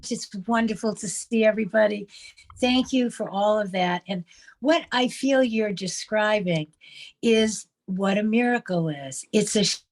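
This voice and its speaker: A woman giving a heartfelt spiritual talk, earnest and emotionally open, repeating phrases for emphasis. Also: mid-range voice. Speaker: spiritual speaker.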